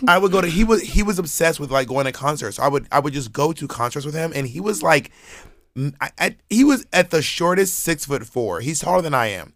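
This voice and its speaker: A man chatting casually as a podcast co-host, talking fast with many restarts. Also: a little high, animated, a bit bright, no echo. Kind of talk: casual chat.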